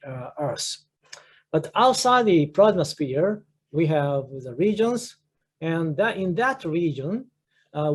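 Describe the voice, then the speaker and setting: A man's voice: fairly high pitch, husky. A man in his sixties with a Japanese accent, a professor giving a research lecture with many fillers and restarts. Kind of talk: academic lecture.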